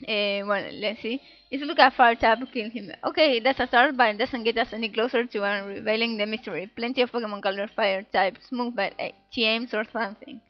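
A woman's voice: fairly high pitch, fairly even intonation, a little fast, few pauses, soft background music. Woman gamer narrating gameplay playfully. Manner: playful, giggly, reads game text in little voices. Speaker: let's play gamer. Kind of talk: casual gameplay commentary reading dialogue aloud. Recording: dull, dry home recording.

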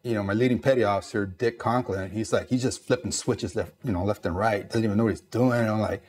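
A man's voice: fairly low pitch, fast talker. A man from East Los Angeles, a Navy veteran, telling stories in an interview and acting out the dialogue. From East Los Angeles, USA. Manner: animated storyteller, acts out dialogue, lots of "you know". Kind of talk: storytelling interview.

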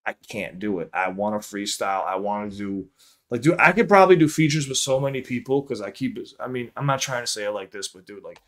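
A man with a lowish voice talks loosely to his live stream audience. He rambles, stops and restarts his sentences, and swears casually. He sounds like he is speaking into a desk mic at a home setup. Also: animated, a little fast. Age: under 50. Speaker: livestream reaction host. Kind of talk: casual livestream chat.

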